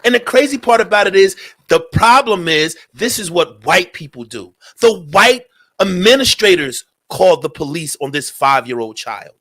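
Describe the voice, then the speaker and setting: A man's voice: high-pitched, very animated, normal speed, fairly bright tone. A man hosting a talk radio show, speaking in a heated, profane commentary and repeating his points.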